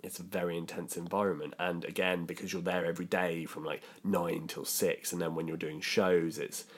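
A man's voice: low voice, level tone, fairly quick. A young British man telling a story in casual podcast chat, with lots of ums and likes. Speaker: podcast co-host.

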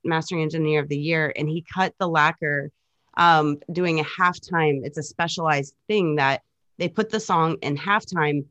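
A woman's voice: sits low, a bit bright, dry recording. A young woman, a DJ and producer, chatting casually in an interview and explaining technical details as she tells stories. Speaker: DJ and music producer, guest.

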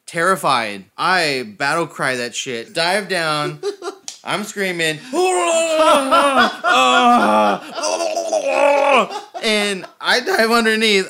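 Man, casual storytelling, profane and animated, bright forceful tone, fairly high voice. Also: slight background noise. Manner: profane, animated, laughs through his own story.

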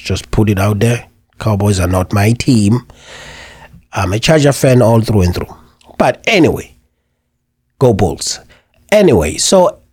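This is a husky-voiced man from Africa in his forties, hosting a community radio talk show. He tells his story with lots of pitch movement and a chatty, animated delivery. The sound is dry and close. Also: dry recording.

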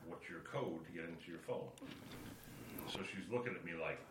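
A middle-aged man on a podcast, telling a family story in a lively, animated way and acting out the quotes. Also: sits low, normal speed. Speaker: podcast co-host. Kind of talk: casual chat, storytelling. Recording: echoey room with faint ambient noise.

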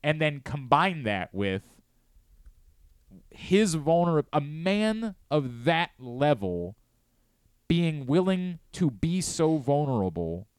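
A man's voice: a little high, big pitch swings, takes it slowly, clear, resonant tone, no room sound. A man in his late thirties hosting a sports talk radio show, talking earnestly and candidly, often restarting his sentences. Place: radio studio. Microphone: close studio mic.

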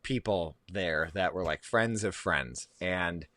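A man in casual podcast chat, telling profane anecdotes in a lively way and laughing in bursts. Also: sits low, slow pace, no echo.

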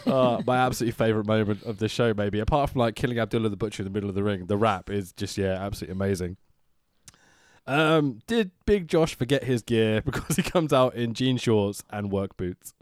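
A man's voice: on the low side, a little fast, no echo, clean studio sound. A man hosting a podcast, chatting and laughing with friends, swearing freely. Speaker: podcast host. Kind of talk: casual chat about wrestling.

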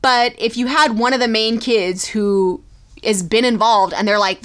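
A woman's voice: a little high, steady tone, a little slow. A woman co-hosting a podcast, chatting casually and acting out characters' lines as she retells an episode. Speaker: podcast co-host. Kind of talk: casual chat recapping a TV episode.

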